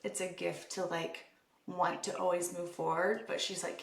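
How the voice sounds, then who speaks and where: A woman's voice: lowish voice, level tone, moderate pace, vocal fry, roomy sound, slight background noise. A young adult woman hosting a casual podcast conversation, talking candidly and chattily with the odd swear word. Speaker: podcast host.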